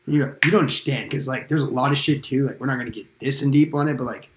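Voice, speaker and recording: A man's voice: medium pitch, racing, reverberant, background noise. A young man in his twenties chatting casually with friends on a podcast, laid-back and slangy, rambling as he talks. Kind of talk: casual chat among friends.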